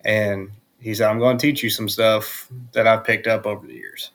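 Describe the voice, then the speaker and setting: Guy telling his hunt story plain and even, lowish monotone voice. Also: normal speed, a little hiss or hum. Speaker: podcast guest. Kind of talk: casual storytelling.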